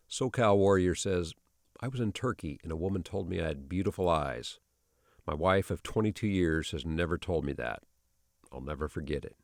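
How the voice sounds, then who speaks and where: A man narrating online stories and comments in a steady, even reading delivery. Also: sits low, vocal fry, no echo, clean studio sound. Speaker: channel narrator.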